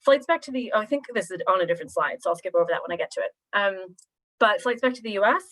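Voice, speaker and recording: A woman's voice: mid-range voice, animated, fast talker, a bit bright. A woman from Pennsylvania in her thirties, giving a chatty, informal presentation on a video call. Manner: chatty, friendly, lots of fillers. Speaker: university recruitment presenter.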